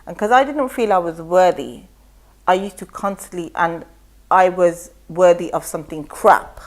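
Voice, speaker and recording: A middle-aged woman talks as a guest on a talk show. Her voice sits a little low. She tells her story with animation and voices the other people in it. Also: moderate pace. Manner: animated storytelling, acts out quotes. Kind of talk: casual chat.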